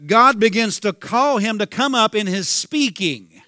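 A man's voice: sits high, expressive, a little slow, pushed and bright. A man preaching a sermon with a Southern US accent, fervent and repetitive, calling out hallelujah. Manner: fervent, repeats himself, calls out hallelujah.

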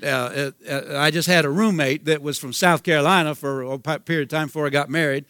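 A man's voice: fairly high pitch, fairly even intonation, fast talker, pushed and bright, clear, resonant tone, dry recording. Fervent Southern-sounding male preacher. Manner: fervent, repeats himself, calls out hallelujah. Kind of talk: sermon.

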